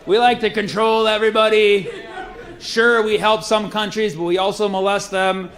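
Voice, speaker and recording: A man's voice: high-pitched, little pitch movement, moderate pace, a bit bright, some chatter behind, a little hiss or hum. A man performing a stand-up comedy routine in a loose, conversational way with sarcastic asides.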